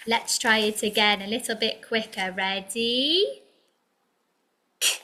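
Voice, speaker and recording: A woman's voice: a little high, sing-song, slow, pauses often, bright, forceful tone. A woman teaching a children's phonics lesson in a sing-song way, drawing out letter sounds and slipping into whispered asides.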